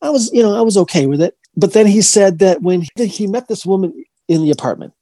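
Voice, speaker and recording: Husky, rambling male storyteller. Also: sits high, lively intonation, mellow, no room sound. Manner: rambling, halting, with frequent restarts. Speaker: paranormal investigator. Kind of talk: casual storytelling interview.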